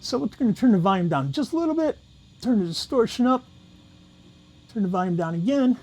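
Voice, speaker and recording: A man's voice: sits high, very animated, a little fast, darkish tone. A man talking casually through a guitar pedal demo, walking through each knob setting step by step. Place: room with guitar gear.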